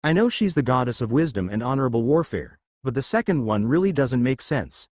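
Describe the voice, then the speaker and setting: A man's voice: medium pitch, big pitch swings, darkish tone, dry recording, clean studio sound. Naruto, a sheepish teen boy, read by a man. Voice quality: hesitant, halting speech. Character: eager teenage boy, sheepish and curious.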